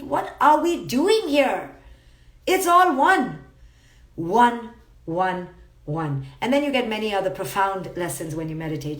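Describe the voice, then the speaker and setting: A woman speaks in a fairly high voice, giving a motivational talk over a live stream. She is emphatic and playfully blunt, and she hammers her points home by repeating words. The room rings with a noticeable echo. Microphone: phone live stream. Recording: roomy echo.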